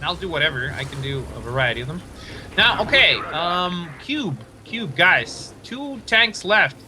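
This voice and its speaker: A man casting a live tank match, excitable, laughing often and stumbling over player names. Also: fairly high pitch, a little slow, background noise. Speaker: esports caster.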